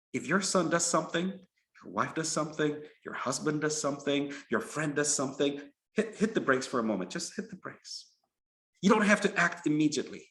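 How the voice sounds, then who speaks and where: Imam guy telling a sermon story, animated, fairly high voice. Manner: animated, acts out the characters.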